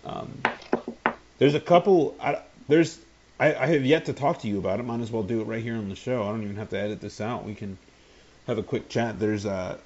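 A man hosting a casual podcast chat, relaxed and upbeat as he steers the show toward upcoming news. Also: lowish voice, fairly quick, highs cut off. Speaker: podcast host.

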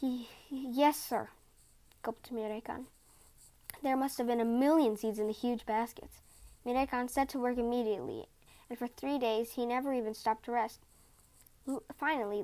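A woman on a podcast reading a folktale aloud in a calm, expressive storytelling manner. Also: on the high side, normal speed.

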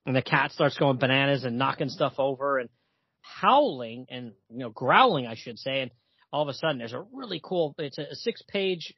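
A man's voice: mid-range voice, no echo, muffled recording. A man co-hosting a podcast in casual chat, reading comic dialogue aloud and laughing. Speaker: podcast co-host. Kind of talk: casual comic book discussion.

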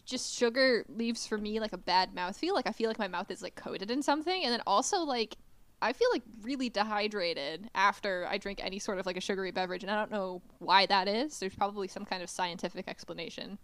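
A woman's voice: medium pitch, brisk, fairly bright tone, dry recording. Chatty New woman, dry sound. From New England. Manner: chatty, laughing, frank. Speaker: podcast co-host. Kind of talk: casual chat.

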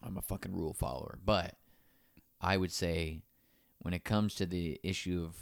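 In a casual podcast chat, a co-host with a low, creaky voice swears freely and tells animated stories, jumping suddenly into the voices of the people he describes. He speaks at a moderate pace, and the studio recording is clean and dry.

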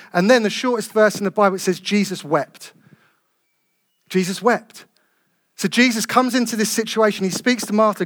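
Higher-voiced man preaching earnestly. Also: fairly bright tone. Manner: earnest, emphatic, slows down to stress key phrases. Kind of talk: sermon.

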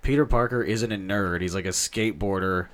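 A young man with a somewhat low voice, talking casually as a podcast co-host. He is animated and foul-mouthed. He drifts into rants and quick mock voices. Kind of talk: casual chat.

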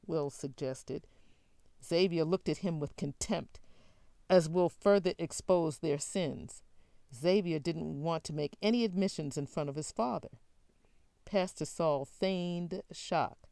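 A woman narrating an audiobook in an even, clear storytelling manner. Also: deep voice, takes it slowly, no room sound, studio quality.

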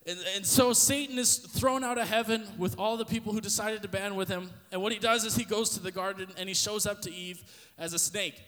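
A man with a high voice tells a Bible story casually, full of slang and stumbling restarts. His podcast voice rings with a long reverb. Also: a little fast, fairly bright tone. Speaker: podcast host.

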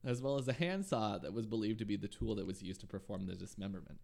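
A man hosts a true crime podcast and tells the case in a relaxed, conversational way, sprinkling in ums and side remarks. His voice is low and gravelly with plenty of vocal fry. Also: quick pace. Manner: relaxed narration with frequent ums and asides. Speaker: podcast host.

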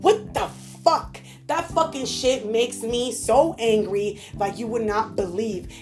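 A woman's voice: a little high, lively intonation, unhurried, a little mellow, faint music behind. A woman co-hosting a casual podcast, ranting heatedly and swearing freely. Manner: profane, heated ranting with frequent laughter. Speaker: podcast co-host.

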